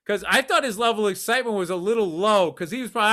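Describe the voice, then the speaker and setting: A man co-hosting a podcast, telling animated, profane stories in casual chat. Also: sits high, quick pace, hardly any pauses. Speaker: podcast co-host.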